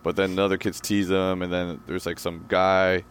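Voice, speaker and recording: A man's voice: sits low, little pitch movement, normal speed. A man co-hosting a casual podcast chat, teasing his friend and rambling about old movies. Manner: teasing, ribbing his co-host. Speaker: podcast co-host.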